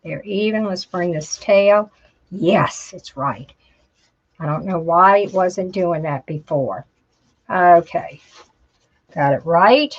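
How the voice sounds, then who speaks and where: Woman, live craft tutorial host, slow and chatty, talks to herself while working, mid pitch, dull lo-fi stream audio. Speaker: craft instructor.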